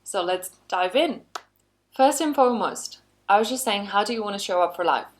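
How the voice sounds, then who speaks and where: A woman's voice: mid-range voice, expressive, normal speed. Chatty woman trainer, upbeat and conversational. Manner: chatty, frequent "you know" asides, upbeat emphasis. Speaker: workplace skills trainer. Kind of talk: conversational online lesson.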